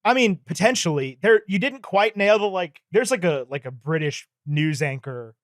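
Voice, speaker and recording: A man's voice: high-pitched, lively intonation, moderate pace, dry recording, clean studio sound. A man co-hosting a movie podcast, talking in joking, sarcastic banter. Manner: sarcastic, jokey, slips into mock voices. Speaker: podcast co-host. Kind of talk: casual banter.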